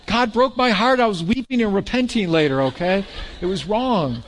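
Animated preacher man with a higher voice. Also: moderate pace, slight background noise. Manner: animated, repeats words, laughs with the congregation. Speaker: pastor. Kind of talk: sermon. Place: church sanctuary.

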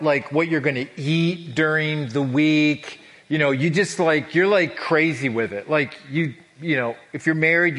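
A man's voice: on the high side, fairly bright tone. A male pastor preaching a casual, conversational sermon, chatty and full of restarts and acted-out asides. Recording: long hall reverb.

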